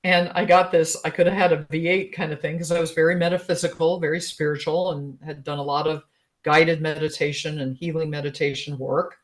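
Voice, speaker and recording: A woman in her sixties, a guest relationship expert, telling a personal story in a chatty, animated way, laughing often. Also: low voice, fairly quick. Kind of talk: casual storytelling in an interview.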